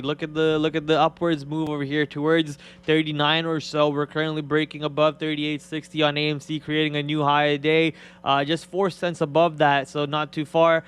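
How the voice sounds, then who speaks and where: A man's voice: on the high side, fairly bright tone, clean tone. A man hosting a live stock trading stream, talking in a rambling way with many fillers and repeated words. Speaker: stock trading show host.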